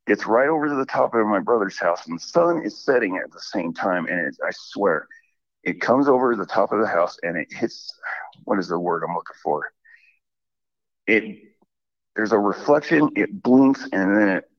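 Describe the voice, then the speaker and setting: A man with a lowish voice tells a personal story over the phone, slipping into little re-enactments of every exchange. The line is dull and lo-fi, the sound dry and close. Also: dry recording. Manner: rambling, animated retelling with many "I'm like" quotes. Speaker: caller.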